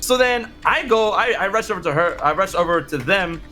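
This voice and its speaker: Upbeat, bright-voiced man telling stories. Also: high voice, soft background music. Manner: animated, fast, many restarts and quoted exclamations. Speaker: interview guest, content creator. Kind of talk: casual storytelling interview.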